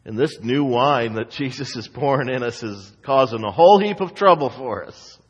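A male pastor preaching a sermon with expressive delivery, rising to loud emphasis and dropping to slow, quiet asides. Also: medium pitch, breathy edge, dull audio. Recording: long hall reverb.

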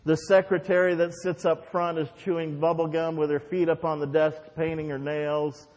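Fervent pastor with long hall echo. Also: male voice, on the high side, level tone, normal speed, a little mellow. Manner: fervent repetitive prayer, then conversational storytelling. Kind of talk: prayer and sermon. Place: church sanctuary. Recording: dull, reverberant church recording.

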